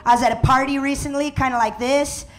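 High-voiced woman hosting a comedy show. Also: fairly even intonation, fast. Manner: loud, playful crowd work with laughs. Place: live comedy show in a packed venue. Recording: live room with loud crowd.

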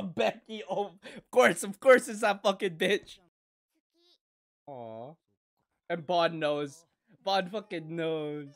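A woman hosting an anime reaction, moving from soft cooing to loud excited squeals and swearing freely. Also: fairly low pitch, takes it slowly, long pauses.

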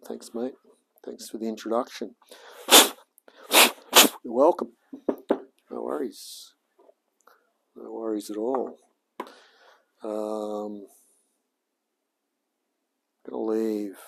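Australian man, 40s, live-stream mechanic; unhurried, dark-toned, chatty, rambling asides to viewers. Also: on the low side, flat delivery, creaky, a little hiss or hum. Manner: rambling, talks to chat, says mate a lot. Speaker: livestreamer mechanic. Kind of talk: casual live-stream chat while working. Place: garage workshop.

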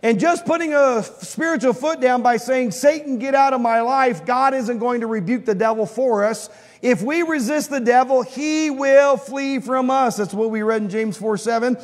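Male pastor, high voice, conversational teaching sermon, quizzing the congregation, long church hall reverb. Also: moderate pace.

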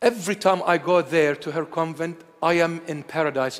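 A man of Assyrian heritage preaching a sermon, telling stories in an animated way that swings between loud declarations and hushed asides. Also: on the high side, moderate pace, long reverb tail.

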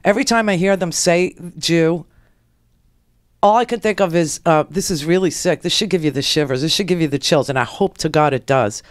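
A woman hosting a political talk radio show, delivering a rambling, animated monologue into a close studio mic and acting out the people she quotes. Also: on the low side, a little fast, no room sound.

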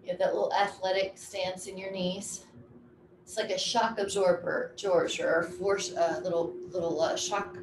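A middle-aged woman leading an exercise class, counting reps aloud with brisk, encouraging cues. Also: on the low side, flat delivery. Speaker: fitness instructor. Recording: echoey room with faint ambient noise.

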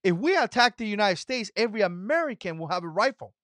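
A man's voice: sits high, very animated, quick pace, a bit bright, no echo. A man whose first language is not English, hosting an opinion commentary vlog in an emphatic, mocking way that repeats its points. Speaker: channel host.

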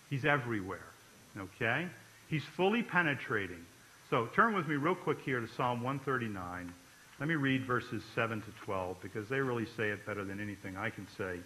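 A man's voice: medium pitch, pushed and bright, slight background noise, low-quality recording. A man pastor preaching a sermon, emphatic and often checking in with his listeners.

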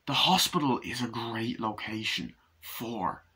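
A man's voice: mid-range voice, expressive, measured pace, bright, forceful tone, slightly rough. A man giving a casual movie review who retells scenes by acting out the lines and swears freely.

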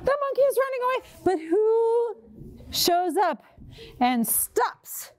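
A woman librarian reads a picture book to young children, prompting them to make sounds and act along. Her voice is high, swoops constantly and moves at an unhurried pace. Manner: animated, sing-song, coaxing children to join in. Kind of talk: children's storytime reading.

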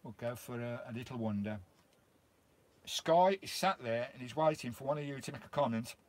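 Standing outdoors by his campervan, a middle-aged British man runs a relaxed live stream, his voice medium in pitch and moderately paced. He welcomes viewers by name and chats warmly with them.

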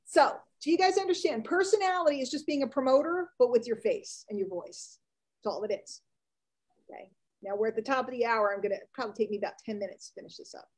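A woman business coach, giving a chatty, animated live online training. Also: a little high, fast talker, rough recording.

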